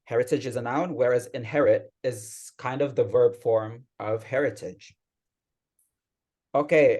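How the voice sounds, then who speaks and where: Guy doing the grammarian bit at a zoom club meeting, calm explainer tone, middle pitch. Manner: patient explaining, steady teacherly tone. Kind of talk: grammar report at an online meeting.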